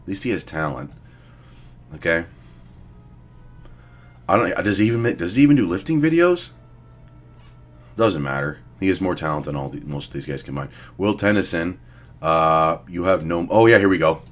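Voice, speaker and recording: A man's voice: sits low, expressive, moderate pace, pauses often, soft background music. A young man giving blunt, profane, rambling casual commentary as he ranks fitness figures. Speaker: fitness vlogger. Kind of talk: casual commentary ranking influencers.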